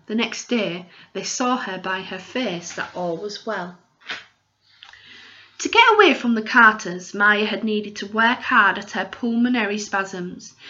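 Casting: female audiobook narrator, steady storytelling voice, mid pitch, slightly dull recording.

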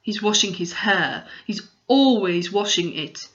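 Lady doing a practical serious boy, kinda flat and firm, muffled audio. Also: medium pitch, unhurried. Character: practical, gloomy, self-reliant boy.

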